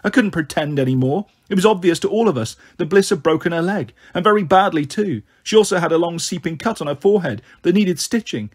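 Husky-voiced male storyteller. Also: fairly high pitch, expressive. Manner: earnest, measured storytelling. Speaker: audiobook reader. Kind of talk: scripted narration of a children's novel.

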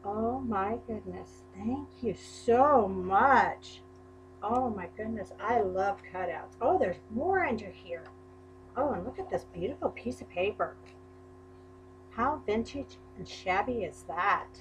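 A woman's voice: medium pitch, animated, takes it slowly, noisy background. A woman unboxing a crafting package in a vlog, gushing and exclaiming over each item. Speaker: crafting YouTuber. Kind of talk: unboxing a mail package on camera.

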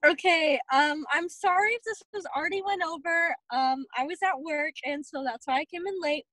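A woman's voice: high voice, normal speed, bright, forceful tone, no room sound, low-quality recording. A woman on a video call asking a question, hesitant and apologetic. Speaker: team member asking a question.

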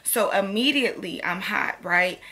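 A young woman tells a story to her viewers in a casual, sassy way. Her voice is bright and clear. She is lively and talks straight to the camera, calling her viewers "sis" and "girl.". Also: medium pitch, normal speed. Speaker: vlogger.

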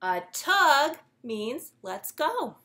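Woman, young, children's storytime librarian: high, unhurried, gentle and sing-song. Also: very animated, slight background noise. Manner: gentle, sing-song, inviting kids to join in. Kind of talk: reading a picture book aloud to young children.

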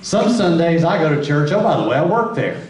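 A man's voice: fairly high pitch, sing-song, a little fast, a little mellow, far from the mic, slight background noise. Candid male marriage speaker in echoey hall. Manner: candid, self-deprecating storytelling. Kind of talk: church talk. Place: church hall.

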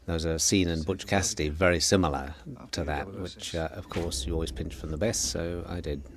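A middle-aged man giving a relaxed, anecdotal film commentary as the director, with frequent fillers. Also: deep voice, a little fast, noisy background. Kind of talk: DVD audio commentary.

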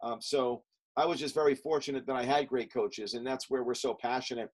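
Over poor audio, a middle-aged man with a medium-pitched voice and fairly even intonation shares stories from his past. He's a coach appearing as a guest on a podcast, and the casual interview is full of fillers and rapid lists.

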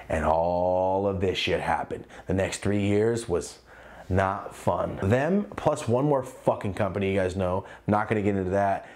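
Young man, casual storytime, profane, animated, acts out quotes, lively pitch. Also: moderate pace. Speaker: clothing brand owner and vlogger.

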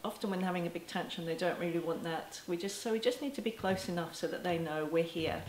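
A woman with a fairly low voice speaks gently and reassuringly, as if teaching parents straight to camera. The room around her is echoey, and a faint ambient hum sits under her voice. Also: fast talker. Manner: gentle and reassuring, with soft laughs. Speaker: parenting educator. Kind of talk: talking to camera.

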